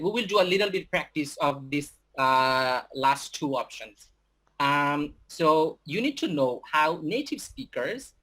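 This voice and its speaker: A young man with a Bangladeshi accent, an English teacher giving a talk to students, halting with many fillers and restarts. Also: fairly high pitch, sharp tone.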